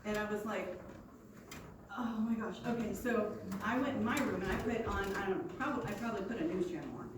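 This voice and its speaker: A woman's voice: mid-range voice, quick pace. Woman telling a story in an echoey room. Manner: animated storytelling with acted-out quotes. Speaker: youth leader. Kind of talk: personal story told to a youth group. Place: church youth room. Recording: echoey room from far off with noise.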